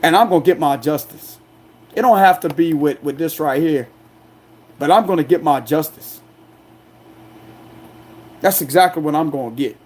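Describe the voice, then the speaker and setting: A man with a high-pitched voice speaking in a fierce, confrontational monologue. He talks with loud aggression and defiance, pressing his points over and over. The delivery is a raw, unscripted rant. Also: moderate pace, long pauses. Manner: defiant, confrontational, repeats "you understand me". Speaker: astrology tarot reader. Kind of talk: angry ranting monologue.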